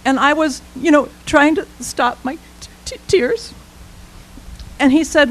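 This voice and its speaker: A woman, an intern minister, telling a personal story as a sermon in an animated, conversational way. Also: high-pitched, takes it slowly, pauses often, poor audio.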